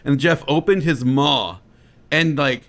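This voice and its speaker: A man's voice: on the high side, slow pace, creaky, fairly bright tone. Man telling a silly story casually. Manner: casual, profane, mock-dramatic voices for characters. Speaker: podcast co-host. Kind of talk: comedic storytelling.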